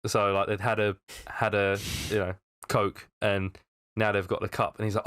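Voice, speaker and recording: A man's voice: fairly low pitch, level tone, normal speed, a bit bright, clean tone. A man telling a crude story in a casual podcast chat. He rambles with many fillers and laughs mid-story. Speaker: podcast co-host.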